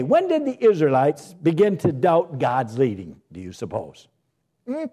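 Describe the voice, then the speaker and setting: Animated pastor preaching with rhetorical questions. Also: male voice, on the high side. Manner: emphatic, with many rhetorical questions. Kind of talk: sermon.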